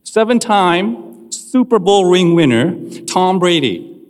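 Pastor preaching in a reverberant hall. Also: male voice, high-pitched, lively intonation, slow pace. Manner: conversational preaching, asks the audience questions. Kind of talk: sermon.

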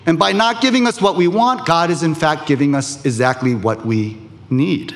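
Pastor, male, slightly high voice, animated preaching in a reverberant hall. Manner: measured preaching with emphatic pauses. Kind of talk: sermon.

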